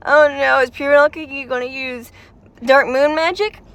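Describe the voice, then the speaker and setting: Bright high-voiced chatty woman vlogger. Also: fairly even intonation, normal speed, muffled recording. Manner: chatty and emotional, lots of "like" fillers. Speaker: game story reaction vlogger. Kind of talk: casual reaction commentary.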